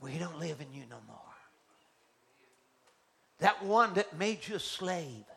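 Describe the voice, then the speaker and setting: A man preacher delivering an emphatic, deliberate sermon in a church. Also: a little high, lively intonation, creaky. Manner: emphatic, slow and deliberate, swinging between soft and loud.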